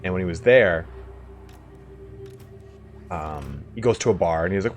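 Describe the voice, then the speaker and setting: A man with a deep, low-pitched voice talks through a strategy game in a loose, rambling let's-play style. He swears freely and chuckles often. Faint game music plays quietly behind him. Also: lively intonation, a little slow, long pauses. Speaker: gaming video host. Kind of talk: casual let's-play commentary.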